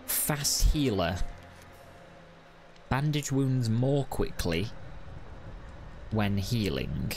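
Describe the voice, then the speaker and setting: Creaky-voiced man playing a game. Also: mid-range voice, lively intonation, extremely slow, pauses often, a little mellow, a little hiss or hum. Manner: chatty, wry, talks to the game. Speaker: gaming video host. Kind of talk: casual let's-play commentary.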